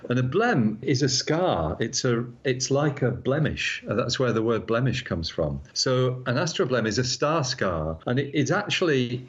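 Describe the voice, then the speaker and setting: A man's voice: mid-range voice, sing-song, normal speed, hardly any pauses. Chuckling astronomer man explaining. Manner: explanatory, chuckling, self-deprecating. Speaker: astronomer guest. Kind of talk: casual chat. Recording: dull lo-fi sound.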